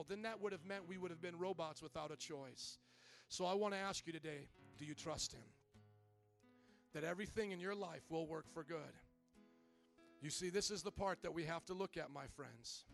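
A high-pitched man preaching to his church, moving from soft, thoughtful passages to loud, rousing appeals. Gentle guitar plays quietly beneath his voice. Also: creaky. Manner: builds from quiet to loud and impassioned. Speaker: pastor. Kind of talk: sermon.

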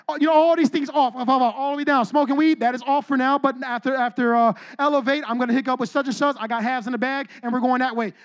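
A male pastor preaching a sermon with slangy, energetic storytelling that addresses the congregation directly. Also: extremely high pitch.

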